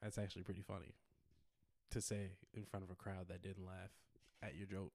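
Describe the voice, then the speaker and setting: A man's voice: low voice, level tone, brisk, a little mellow, dry recording. A man in casual chat as a podcast co-host, laid-back, agreeing and retelling stories.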